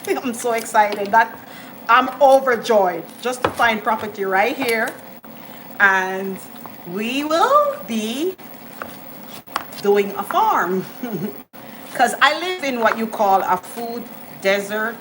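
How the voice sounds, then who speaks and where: Slow, chatty woman hosting a cooking stream. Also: medium pitch. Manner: chatty and enthusiastic, greeting viewers warmly. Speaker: cooking channel host. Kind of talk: live-streamed cooking demonstration. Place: home kitchen. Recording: home kitchen noise with sizzling pan. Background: frying and sizzling food.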